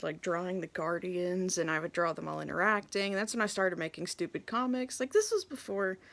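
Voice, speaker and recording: A young adult woman telling a casual story about her gaming memories, laughing often and moving between hushed asides and excited bursts. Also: medium pitch. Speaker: video host.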